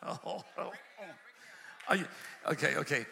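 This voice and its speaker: A man's voice: a little high, moderate pace, gravelly, pushed and bright. A man preaching a sermon, emphatic and repetitive, calling out to the congregation. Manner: emphatic call-and-response preaching, repeats phrases. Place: church sanctuary. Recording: long hall reverb.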